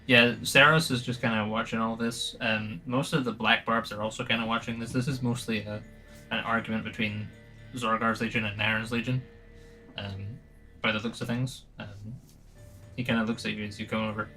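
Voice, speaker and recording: A man's voice: on the low side, flat delivery, moderate pace, bright, forceful tone, faint music behind. A man narrating as game master in a rambling, casual way full of fillers.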